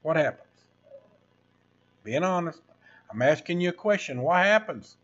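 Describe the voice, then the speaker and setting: A man's voice: a little high, animated, unhurried, fairly bright tone, dull audio. A man, ranting casually to viewers on his livestream in a rambling, preachy way. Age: 60s. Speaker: livestream host.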